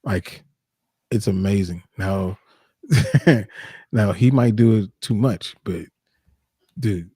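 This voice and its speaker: A man's voice: fairly low pitch, slow pace, long pauses, mellow, breathy edge, no echo. A man co-hosting a casual livestream, laid-back and slangy in how he talks. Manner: laid-back, slangy, says dude and bro. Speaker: podcast co-host.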